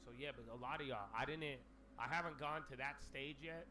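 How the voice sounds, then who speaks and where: A man hosting a casual livestream, ranting in an animated, profane way with lots of slang. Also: fairly high pitch, brisk, a little hiss or hum. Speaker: livestream host.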